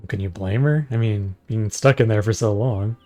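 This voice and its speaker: A man's voice: on the low side, moderate pace, dark tone, faint music behind. A man casually chatting and joking while streaming a game. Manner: offhand, joking, swears. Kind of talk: casual gaming stream chat.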